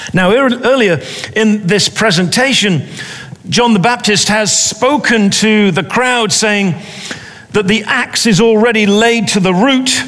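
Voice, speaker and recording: High-voiced man preaching slowly in a hall. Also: a bit bright. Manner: deliberate, repeats phrases for emphasis. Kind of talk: sermon.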